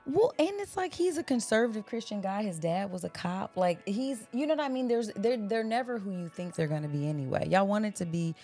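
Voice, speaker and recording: A woman's voice: mid-range voice, animated, fairly quick, hardly any pauses, dark tone, faint music behind. A woman co-hosting a podcast in casual chat, talking bluntly and emphatically and swearing freely. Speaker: podcast co-host.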